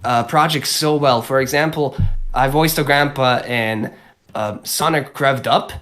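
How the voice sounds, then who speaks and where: A man's voice: medium pitch, fairly bright tone. A young man, a voice actor guest, talking casually with many fillers and restarts. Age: young adult. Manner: halting, lots of fillers and restarts. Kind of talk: casual podcast chat.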